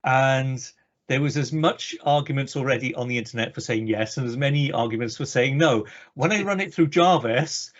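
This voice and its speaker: Man, mid pitch, easygoing explainer, casual chat, muffled lo-fi call sound. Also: moderate pace. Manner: easygoing, explains points with examples. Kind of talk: casual conversation.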